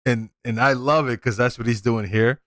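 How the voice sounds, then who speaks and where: A man's voice: medium pitch, fairly even intonation, moderate pace, fairly bright tone, dry recording, studio quality. An American man hosting a reaction video, chatting in a laid-back, casual way. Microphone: studio microphone.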